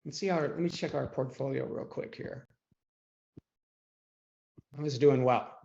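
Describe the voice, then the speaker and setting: A man coaching traders on a live online call, chatty and often clearing his throat. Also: medium pitch, unhurried, darkish tone. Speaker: trading coach. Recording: dull lo-fi call audio.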